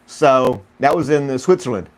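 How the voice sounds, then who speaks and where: A man's voice: mid-range voice, moderate pace. Give me a rambling podcast host, a man chatting casually from home with a light chuckle. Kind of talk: casual live-stream chat.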